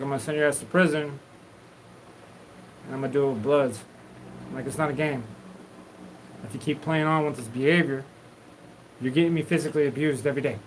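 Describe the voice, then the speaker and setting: A man's voice: fairly high pitch, a little hiss or hum, poor audio. A man hosting a live stream, talking in a loose, rambling, profane stream of consciousness. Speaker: livestream host.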